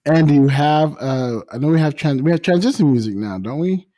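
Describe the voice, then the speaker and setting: A man co-hosting a podcast in easygoing casual chat, chiming in with quick comments. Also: on the high side, expressive, mellow. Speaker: podcast co-host.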